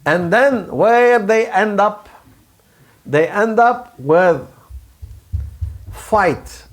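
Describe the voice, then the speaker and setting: A man preaching a sermon in simple, broken English, acting out angry voices to make his points. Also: sits high. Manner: non-native English, simple broken grammar; animated, acts out angry ego voices. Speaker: Sufi preacher.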